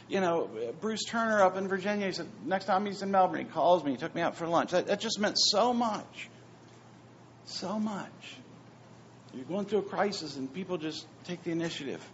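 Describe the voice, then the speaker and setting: A pastor preaching a sermon, swinging between hushed, near-whispered phrases and loud, emphatic repetitions. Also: male voice, a little high, lively intonation, normal speed, a little hiss or hum. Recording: dull lo-fi sound with faint ambience.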